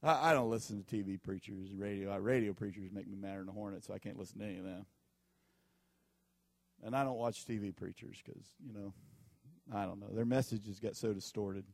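A man's voice: fairly low pitch, fairly even intonation, a little fast, vocal fry, no echo. A man preaching a sermon as pastor, telling folksy stories and repeating his warnings with emphasis.

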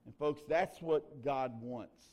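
A pastor preaching a sermon in a folksy, conversational way, telling a personal story. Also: male voice, medium pitch, slow pace, darkish tone.

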